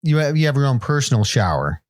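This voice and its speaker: A man co-hosting a comedy podcast, delivering absurd bits in a dry, deadpan way. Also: mid-range voice, fast talker. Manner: deadpan, plays absurd claims straight. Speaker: podcast co-host. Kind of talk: comedic casual chat.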